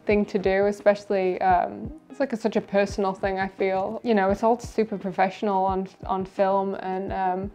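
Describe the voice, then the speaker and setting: A woman's voice: mid-range voice, level tone, normal speed, few pauses, mellow, soft background music. A young woman, an actress guest in a casual interview, chatty, laughing easily and using many fillers.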